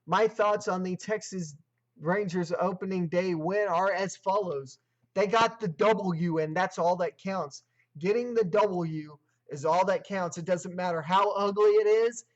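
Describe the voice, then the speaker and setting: A man's voice: high-pitched, muffled recording. A man hosting his own sports show, reading game statistics in clipped lists and then giving emphatic opinions. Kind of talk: solo sports commentary livestream.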